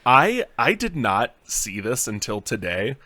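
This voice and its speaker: Cohost guy, bright voice, slow easy talker, mostly short agreeing bits. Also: medium pitch, big pitch swings, no room sound. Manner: agreeable, chimes in with short replies. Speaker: podcast co-host. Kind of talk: casual chat.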